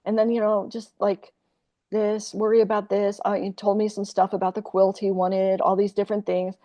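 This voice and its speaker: A woman's voice: medium pitch, level tone, normal speed, warm tone. A woman in her sixties, a podcast guest telling a candid personal story in a rambling, profane way, full of fillers and restarts.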